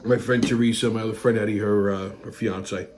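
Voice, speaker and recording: A middle-aged man hosting a weekly wrap-up show, ranting crudely and angrily, often breaking into shouts, then reading sports listings in a casual way. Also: lowish voice, fairly even intonation, brisk, slight background noise. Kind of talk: profane rant and casual show segments.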